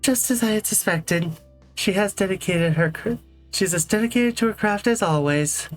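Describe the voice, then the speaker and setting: A woman voicing a graceful, soft-spoken female ballerina animatronic with a gentle, refined manner. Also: medium pitch, moderate pace, faint music behind, natural voice. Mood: wistful.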